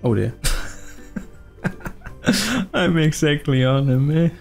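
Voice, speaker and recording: Male gamer streamer, excitable, lively swooping voice, fairly high. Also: takes it slowly, faint music behind. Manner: excitable, swears, laughs often. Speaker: gaming YouTuber. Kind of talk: gameplay commentary.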